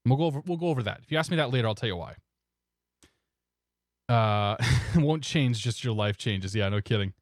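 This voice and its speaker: A man streaming a flight simulator, chatting casually and in a relaxed way with viewers, often chuckling. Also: medium pitch, a little fast, long pauses, no echo, studio quality. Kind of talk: casual live-stream chat.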